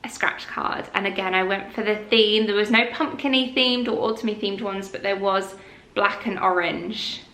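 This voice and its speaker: Lady vlogging, bright chatty voice, bit of room echo. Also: mid-range voice, moderate pace. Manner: chatty, laughs at herself. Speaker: lifestyle vlogger. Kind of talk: casual chat to camera.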